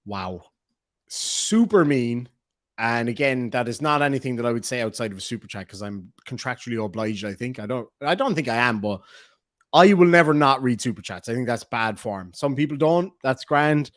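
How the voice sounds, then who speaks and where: A man's voice: medium pitch, lively intonation, normal speed, no echo, studio quality. A man hosting a casual livestream, chatty and joking as he reads out donations. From Ireland. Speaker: livestream host.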